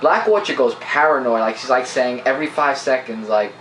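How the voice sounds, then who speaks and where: A man's voice: medium pitch, lively intonation, moderate pace, a bit bright, a little hiss or hum. Eager rambling man in an echoey room. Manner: eager, rambling, many fillers. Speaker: comic book reviewer, co-host. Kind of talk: casual review chat, plot recap. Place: indoor room with a camera.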